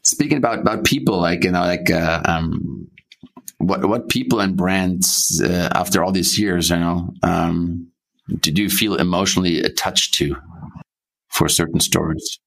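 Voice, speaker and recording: A man's voice: low voice, measured pace, gravelly, a bit bright. A man hosting a podcast interview, chatting, reminiscing and asking questions. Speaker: podcast host. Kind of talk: casual interview.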